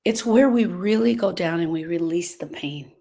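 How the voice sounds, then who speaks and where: A woman's voice: fairly low pitch, normal speed, warm tone. Woman grief coach chatting on a live stream, earnest, keeps repeating herself. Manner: earnest, repeats phrases, drifts off topic. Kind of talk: casual live-stream talk to viewers.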